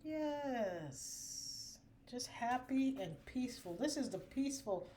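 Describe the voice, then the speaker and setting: A woman giving a spiritual oracle card reading, drawn-out and preachy, full of affirmations. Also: a little high, lively intonation, dark tone, a little hiss or hum.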